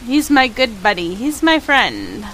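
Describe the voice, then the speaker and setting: Animated woman streamer over rain noise. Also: on the high side, a little slow, rough recording. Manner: animated, chatty, yelps panicked repeated no's. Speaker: game streamer. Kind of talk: live gameplay commentary chatting with viewers. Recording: steady rain noise behind the voice.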